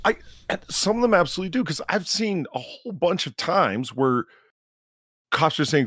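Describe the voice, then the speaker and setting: A man co-hosting a live-stream podcast, ranting in an animated, profane way. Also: fairly high pitch, moderate pace, no room sound, clean studio sound. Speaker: podcast co-host. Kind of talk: casual live-stream chat.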